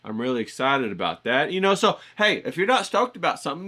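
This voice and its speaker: Bright-voiced dude hyping up his viewers, slangy and pushy, keeps repeating stuff. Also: fairly high pitch, expressive, fast talker, few pauses. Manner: hyped, coaxing, repeats himself, slangy. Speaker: motivational vlogger. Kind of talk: casual motivational pep talk.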